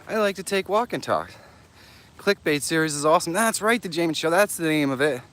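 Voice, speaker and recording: A man hosting a live stream, casually chatting and excitedly greeting viewers by name while walking outdoors, a little out of breath. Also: brisk. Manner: enthusiastic, greets viewers by name, jumps in pitch. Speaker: livestream host.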